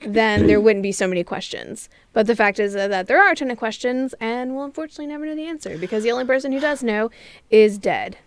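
A woman's voice: fairly high pitch, quick pace. A woman co-hosting a podcast in casual chat, blunt and crude with jokes. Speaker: podcast co-host.

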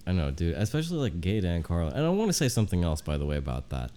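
A man's voice: low voice, huge pitch swings, very fast, dark tone, clear, resonant tone. A man co-hosting a comedy podcast, chatting casually and rambling with lots of fillers. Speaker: podcast co-host.

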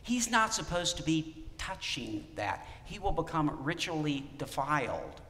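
A man preaching a sermon as a pastor, animated and asking his listeners questions. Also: on the high side, a little slow, big-room sound. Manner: animated, asks the congregation questions.

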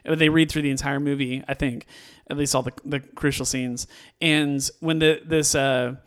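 A man's voice: medium pitch, steady tone, normal speed, clear, resonant tone. A man chatting casually about a movie, enthusiastic and rambling, full of fillers and restarts.

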